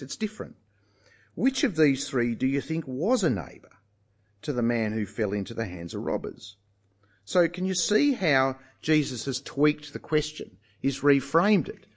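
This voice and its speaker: A man preaching a sermon, emphatic and animated, putting rhetorical questions to his listeners. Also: on the high side, breathy edge.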